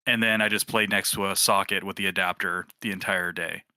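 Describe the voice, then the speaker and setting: A man in his thirties casually telling a lively story and acting out the quoted voices. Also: deep voice, brisk, clean tone, dry recording. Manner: animated, acts out quoted voices. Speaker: team member sharing a memory.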